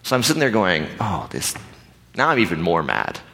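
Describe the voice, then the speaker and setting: Animated pastor in an echoing hall. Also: male voice, sits low, normal speed. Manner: animated, conversational, acts out dialogue. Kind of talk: storytelling sermon. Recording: reverberant hall.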